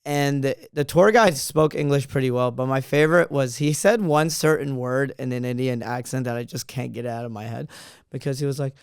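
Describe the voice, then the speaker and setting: A young male comedian with a medium-pitched, brisk, creaky voice tells travel stories in a playful, casual manner, laughing often. The recording is clean studio sound with a clean tone and no echo.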